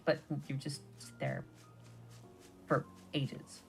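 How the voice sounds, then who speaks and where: A woman's voice: low voice, lively intonation, measured pace, creaky, fairly bright tone, soft background music. A woman streamer chatting playfully and rambling while playing a game. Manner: playful, rambling, many restarts. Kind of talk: casual gaming stream chat.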